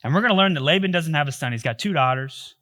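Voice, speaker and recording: A man's voice: fairly high pitch, animated, fast, sharp tone. A male pastor giving a sermon, telling a story in a joking, conversational way.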